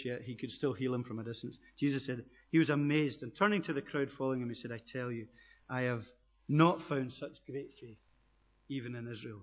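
A man preaching a sermon as pastor, earnest and building to emphatic high peaks. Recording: dull echoey hall recording.

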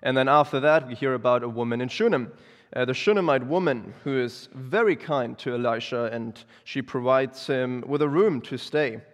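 A man preaches in a relaxed, conversational way, often pausing on ums and correcting himself. His mid-range voice carries a long reverb, as if it fills a church hall. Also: mid-range voice. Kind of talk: sermon.

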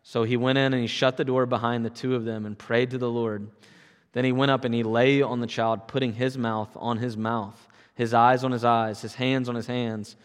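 A man reading a long Bible passage aloud in a measured, even way during a church service. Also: mid-range voice, smooth. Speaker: scripture reader. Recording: long reverb.

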